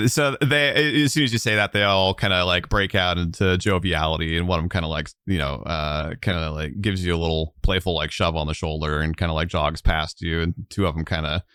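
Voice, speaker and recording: A man's voice: deep voice, fairly even intonation, brisk, a bit bright, clear, resonant tone, no room sound, studio quality. A man narrating a tabletop game as game master, rambling with many fillers.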